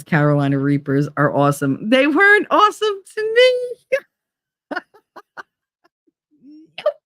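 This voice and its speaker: Lower-voiced woman, animated and swearing. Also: no room sound, clean studio sound. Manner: animated storytelling, frequent swearing and laughter. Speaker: livestream host reading chat. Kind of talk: casual livestream chat.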